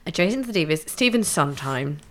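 A woman's voice: deep voice, expressive, a little fast. A woman co-hosting a podcast, chatting casually with wry humour and frequent laughter. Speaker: podcast co-host. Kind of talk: casual chat.

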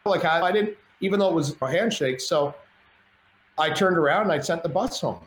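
A middle-aged man telling a story as a podcast guest, animated and self-mocking, acting out the dialogue. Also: a little high, brisk. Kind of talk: storytelling in casual chat. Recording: roomy echo, faint ambience.

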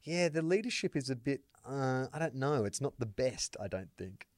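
An Australian man co-hosting a sports podcast in casual chat, telling animated stories and acting out quotes. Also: mid-range voice, normal speed, no echo, studio quality. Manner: animated storyteller, acts out quotes loudly. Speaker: podcast co-host.

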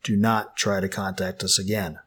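A man's voice: low voice, flat delivery, normal speed, fairly bright tone, slightly rough. A man voicing a cold, disdainful man who speaks with smug contempt in an audiobook. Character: cold, disdainful man, a scheming group leader.

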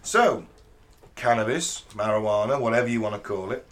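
A man's voice: fairly low pitch, expressive, normal speed. A man from Britain co-hosting a casual podcast, dry and wry in tone, who also reads out facts to the group. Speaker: podcast co-host. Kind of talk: casual banter.

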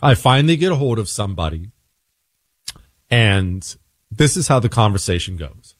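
A man hosting a talk radio show, telling a story in a casual, self-deprecating way while a little sick and quieter than usual. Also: fairly low pitch, very animated, moderate pace, pauses often, no room sound.

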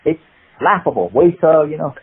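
Male actor guest, Cockney accent, husky voice, phone-line sound. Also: fairly high pitch, moderate pace. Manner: rambling, animated, many restarts. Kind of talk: casual interview storytelling.

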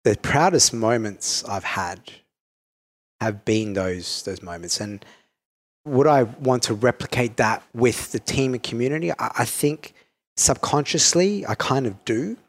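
A man's voice: medium pitch, lively intonation, a little slow. An Australian man from Perth, a business owner, talking reflectively in an interview with many fillers and restarts.

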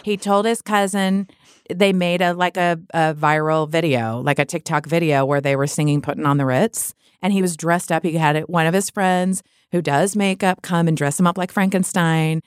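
A middle-aged woman tells personal stories in a loose, chatty way, laughing often and circling back mid-sentence. Her voice sits a little low. The recording is dry and close, with no room sound. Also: steady tone, normal speed, clean tone, no echo. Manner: chatty, laughing, rambling with restarts. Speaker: guest. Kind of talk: candid conversational storytelling.

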